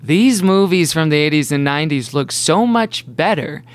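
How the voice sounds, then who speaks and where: A man's voice: fairly high pitch, expressive, moderate pace, dry recording. A man co-hosting a podcast, chatting casually and dropping wry, joking asides. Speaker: podcast co-host. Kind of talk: casual chat.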